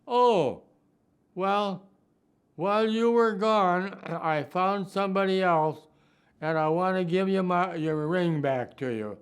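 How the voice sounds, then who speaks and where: A woman's voice: fairly low pitch, slow, clear, resonant tone, voice pushed up. An elderly man voicing a young woman, a nurse, as he retells how she broke off their engagement. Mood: startled, apologetic.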